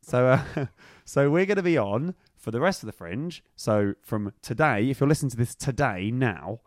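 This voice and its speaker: A man's voice: mid-range voice, expressive, normal speed, no room sound, studio quality. A man hosting a comedy podcast in casual chat, rambling and self-mocking, recording in a bedroom. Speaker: podcast host. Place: bedroom in a rented flat.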